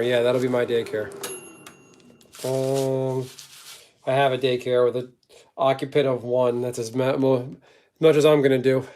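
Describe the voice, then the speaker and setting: A man's voice: mid-range voice, little pitch movement, unhurried, long pauses, darkish tone. A middle-aged man chatting casually to the camera while he cooks, reading out comments with a dry, joking manner. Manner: dry, joking, talks to the camera while working, coughs often. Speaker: streamer cooking on camera. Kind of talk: casual live-stream chat reading comments. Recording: clear background noise behind the voice.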